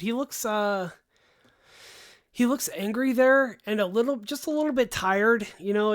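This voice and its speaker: Rambling young man hosting a livestream. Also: high-pitched. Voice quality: voice tiring, gives out after long talk. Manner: rambling, animated, frequent sighs and asides. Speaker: host. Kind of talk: casual livestream chat.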